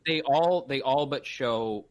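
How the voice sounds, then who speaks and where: Male co-host, blunt and emphatic critic, mid-pitched everyday voice. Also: slow. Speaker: podcast co-host. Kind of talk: casual chat.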